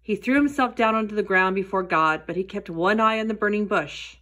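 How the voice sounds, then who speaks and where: A woman's voice: medium pitch, brisk. Woman telling a children's Bible story. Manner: gentle storytelling, addressing children directly. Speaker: Sunday school teacher.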